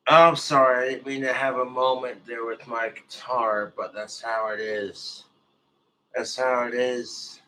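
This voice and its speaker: A man ranting on a livestream while drinking, profane, tipsy and breaking into loud shouted outbursts. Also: mid-range voice, fairly even intonation, a little slow, noisy background. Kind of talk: drunken rambling livestream.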